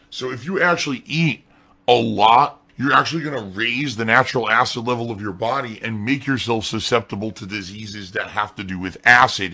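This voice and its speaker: A man's voice: mid-range voice, bright, forceful tone. A man streaming live, reading out donation messages and answering them defensively and sarcastically. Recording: stream clip with faint music.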